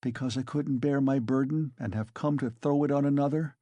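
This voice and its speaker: A man's voice: medium pitch, steady tone, fairly quick, mellow, no echo, voice pushed up, close to an everyday voice. A man voicing a tormented, bitter young male student in an audiobook, pleading in anguish. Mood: despairing. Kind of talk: audiobook character reading.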